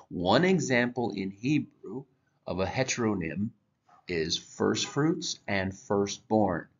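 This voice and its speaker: Male church teacher, low voice, unhurried, walks through slides step by step. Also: fairly bright tone. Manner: slow, deliberate explaining with halting restarts. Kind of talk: slide-based Bible lesson. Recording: dull lo-fi recording.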